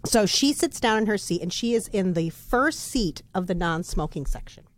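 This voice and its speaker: A woman's voice: mid-range voice, moderate pace. A woman co-hosting a podcast, telling a long joke casually and with animation. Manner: animated storyteller. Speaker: podcast co-host.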